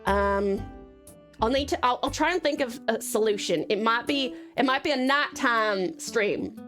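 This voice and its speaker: A woman's voice: fairly high pitch, lively intonation, unhurried, a bit bright, faint music behind. A woman streamer putting on a Southern US accent, calling chatters darling while chatting on stream. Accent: Southern US (Georgia/Alabama). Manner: calls chatters darling and sweetheart. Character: drawling Southern-accented young woman, sweet. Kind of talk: live stream chat in a put-on accent.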